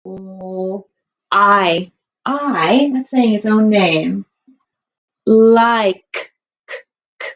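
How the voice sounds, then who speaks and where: A woman's voice: mid-range voice, very slow, long pauses, a bit bright, highs cut off. A woman teaching a kindergarten writing lesson, stretching out words and sounds for young children.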